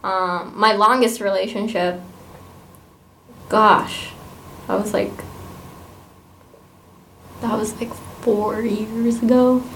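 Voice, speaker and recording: A young woman hosting a casual podcast chat, telling personal stories in an animated, giggly way. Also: medium pitch, slow pace, pauses often, slight background noise, poor audio. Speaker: podcast host.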